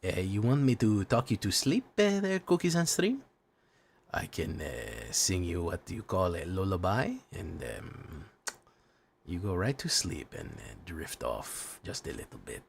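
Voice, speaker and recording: A man putting on the voice of his middle-aged Latino immigrant father, with a Spanish-accented English, soft and lulling. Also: wildly swooping pitch, creaky, a little hiss or hum, exaggerated voice. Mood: soothing. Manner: soft, slow, lulling, low and hushed.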